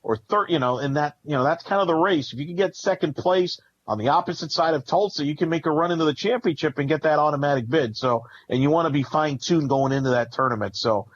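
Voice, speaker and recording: Man, podcast co-host, rambling stat-heavy sports talk, mid pitch, slightly muffled audio. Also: quick pace, few pauses. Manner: rambling analytical, lists stats.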